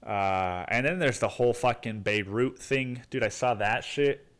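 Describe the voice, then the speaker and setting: A man's voice: mid-range voice, measured pace, a bit bright, smooth. A male podcast host rants on his own into a microphone in a mid-range voice. He rambles and swears freely, and he drops "dude" into nearly every sentence. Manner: profane, rambling, says "dude" constantly. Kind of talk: solo rant podcast.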